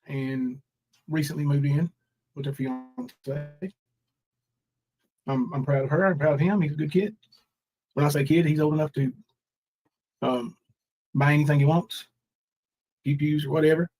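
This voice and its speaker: A man's voice: on the high side, fairly even intonation, unhurried, long pauses, darkish tone, poor audio. A man in his forties hosting a casual livestream, rambling through his troubles and reading viewers' names from the chat. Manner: rambling, reads chat names aloud, mock crying bits. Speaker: livestream host.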